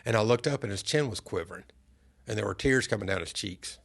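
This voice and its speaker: Gravelly low-voiced man telling stories. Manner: earnest, unhurried storyteller. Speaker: podcast guest. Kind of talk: casual storytelling interview.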